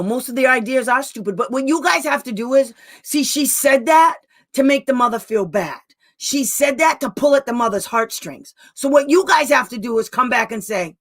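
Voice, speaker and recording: Speaking to parents in a heated live talk, a woman special education advocate rants bluntly and angrily in a high, fairly bright voice. At moments she gets louder, and she laughs in between the outbursts.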